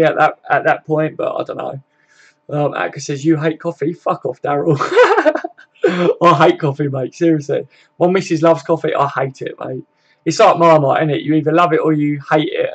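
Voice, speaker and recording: Young British bloke, fairly high voice, easygoing laddish live-stream host who swears and says mate a lot. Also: male voice, dull audio. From Britain. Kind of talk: casual live chat reading comments. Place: home room with desk and sofa.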